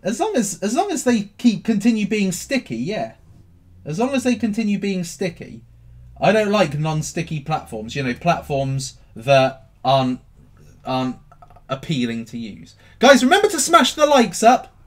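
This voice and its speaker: A man hosting a casual livestream about crypto, answering viewer questions in a cheeky, animated way. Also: on the high side, moderate pace. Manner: animated and cheeky, swinging between loud bursts and mutters.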